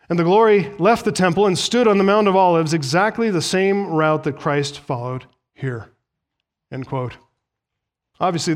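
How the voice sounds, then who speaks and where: A man preaching a sermon with a somewhat high-pitched voice. He is earnest and emphatic, and his delivery swells with force when he reads scripture aloud. At times he drifts slightly away from the microphone. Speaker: pastor. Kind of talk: expository sermon.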